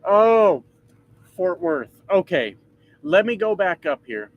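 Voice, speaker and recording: A man's voice: high voice, sing-song, slow, muffled recording. A man driving a truck and chatting casually with his livestream viewers, joking and swearing as he rambles. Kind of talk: casual live chat reading comments. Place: truck cab.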